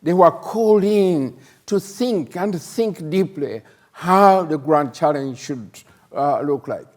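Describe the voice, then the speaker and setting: An older man from Uganda, a professor hosting a plenary session, speaking in a halting way with many fillers and emphatic rhetorical questions. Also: fairly high pitch, lively intonation. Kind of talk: conference plenary talk.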